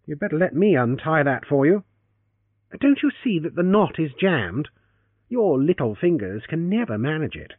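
A man's voice: fairly high pitch, very animated, moderate pace, dry recording, pitched above the performer's own voice. A man reading an audiobook and voicing a teasing, confident young man, over a tinny line. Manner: teasing, playful. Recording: tinny phone-like, dry.

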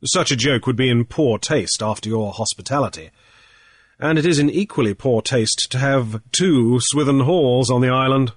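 A man reading a storybook, voicing a shrewd, cool male sea trader in a brisk, airy way with small hesitations. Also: mid-range voice, dry recording, clean studio sound, lightly acted. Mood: cool, probing. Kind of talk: audiobook character voice.

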